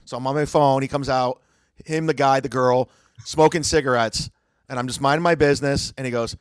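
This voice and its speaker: Brief: young male comedian, slightly high voice, defensive, rambling anecdote, dry close podcast sound. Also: quick pace, dry recording. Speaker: comedian guest. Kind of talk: casual podcast storytelling.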